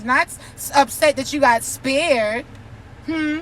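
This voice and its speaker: Slow and high-pitched, a bit bright, her voice carries over slight background noise. As a spiritual reader, she turns her reading into a spiritual warning rant, scolding the listener in a teasing, brash and profane manner.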